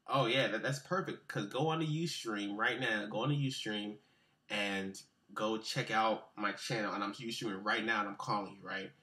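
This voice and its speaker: A young man recounts a story to an interviewer over a webcam, his voice bright and forward. He rambles in casual slang, stacking fillers and false starts. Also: lowish voice, moderate pace.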